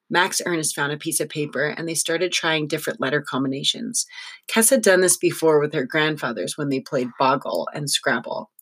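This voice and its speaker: Brief: audiobook narrator, wry and lively, middling pitch. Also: normal speed, breathy edge.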